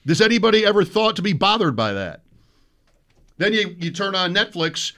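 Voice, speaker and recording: A man co-hosting a sports radio show, wry and quick to get worked up over small gripes. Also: high-pitched, a bit bright.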